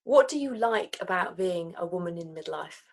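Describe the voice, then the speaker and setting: A woman's voice: fairly low pitch, animated, moderate pace, creaky. A woman hosting a podcast interview, agreeable and friendly, often ending remarks with tag questions. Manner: agreeable, asks tag questions, laughs easily. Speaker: podcast host. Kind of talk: casual interview chat.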